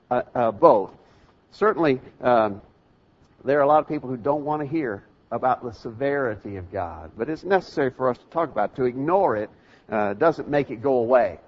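Male preacher, earnest and plain-spoken, somewhat high voice, dull lo-fi recording. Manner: earnest, plain-spoken, with frequent ums and repeated words. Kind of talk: sermon. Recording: dull lo-fi sound.

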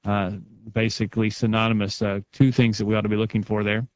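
A man's voice: fairly low pitch, level tone, quick pace, clean tone, no echo, highs cut off. A man co-hosting a religious talk show, steadily reading listener feedback aloud and commenting on it. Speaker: radio show co-host.

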